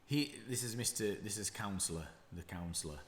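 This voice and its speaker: A man who is a damp and mould specialist, reading out a news story and commenting on it in unhurried asides with frequent self-corrections. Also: lowish voice, expressive, a little hiss or hum. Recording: roomy echo.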